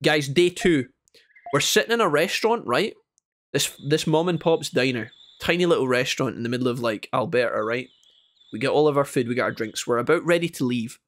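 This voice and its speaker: A Scottish man chatting casually to his viewers while playing a game, telling animated stories between moves. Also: medium pitch, fairly quick. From Scotland. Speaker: gaming streamer. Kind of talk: casual gameplay chat with storytelling.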